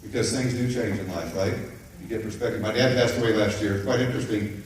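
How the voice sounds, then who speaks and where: Brisk and steady, with a fairly low pitch, this middle-aged man shares a personal anecdote with a group as a motivational speaker, frequently asking "right?". The room is echoey, the mic distant, and faint noise sits underneath.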